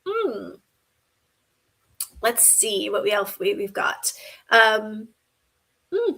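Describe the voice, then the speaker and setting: A woman hosting a live stream, reading viewer comments and giving gentle spiritual guidance with frequent ums and "right?". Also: medium pitch, very animated, extremely slow, creaky. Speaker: host.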